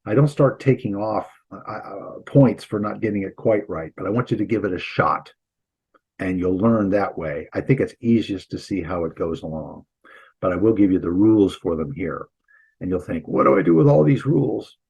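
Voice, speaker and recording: A man with a husky, lowish voice gives a classroom lecture on Greek grammar. He explains things casually, breaking off to restart sentences and throwing in light asides. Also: normal speed, muffled recording. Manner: relaxed, chatty teaching with restarts and asides. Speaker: Greek instructor and pastor.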